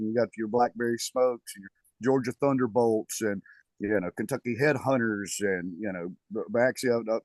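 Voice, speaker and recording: A man, a bass player rambling with many fillers as a guest in a casual podcast interview. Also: no echo.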